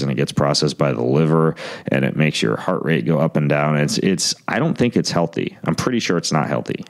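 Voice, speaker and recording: A man's voice: a bass voice, vocal fry. A man hosting his podcast, reading sponsor ads in a joking, rambling way. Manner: joking, rambling, self-mocking. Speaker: podcast host. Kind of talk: casual ad read.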